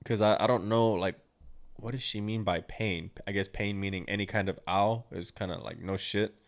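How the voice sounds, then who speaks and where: A man's voice: on the low side, steady tone, normal speed. A young man hosting his own podcast, telling a personal story in a blunt, crude, rambling way with plenty of swearing. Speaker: podcast host.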